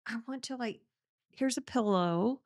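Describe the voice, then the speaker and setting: A woman hosting a podcast in a casual interview chat, chatty and laughing often, with halting restarts. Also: a little high, darkish tone, dry recording, clean studio sound. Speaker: podcast host.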